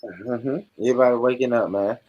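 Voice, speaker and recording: A man's voice: medium pitch, a little fast, dull audio. A man hosting a casual livestream from home, joking and swearing playfully. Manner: playful, profane, joking banter. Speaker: livestream host. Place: at home, early morning.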